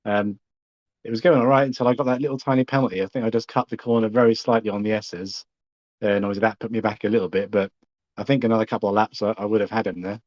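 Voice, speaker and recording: A man, a sim racing driver, recapping his race in a chatty, relaxed way. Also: lowish voice, fast, no echo, muffled recording. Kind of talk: post-race interview over voice chat.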